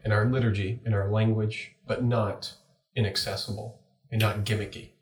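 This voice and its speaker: Man in his thirties, priest, emphatic, playful, lowish voice, distant from the mic. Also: little pitch movement, normal speed, reverberant. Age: 30s. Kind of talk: podcast interview.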